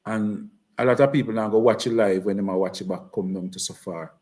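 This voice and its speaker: This man's voice sits on the low side, darkish in tone, fairly quick and fairly even in intonation. He's a political speaker with a Jamaican accent, passionately campaigning, repeating lines and switching into patois.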